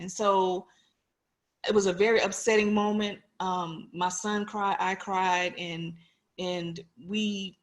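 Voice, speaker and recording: A police officer in her forties gives an earnest, personal talk to an online audience, putting questions to them directly. Her mid-range voice has a fairly bright tone.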